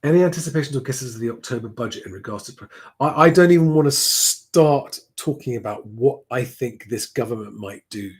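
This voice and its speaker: A man chats on his own live stream, rambling loosely and often restarting his sentences as he reacts to viewer comments. His voice is husky and sits at a middling pitch. He sounds relaxed and conversational, talking into a desk mic at home. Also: a little fast. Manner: rambling, chatty, many restarts. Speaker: livestream host reading viewer comments. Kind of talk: casual live-stream chat.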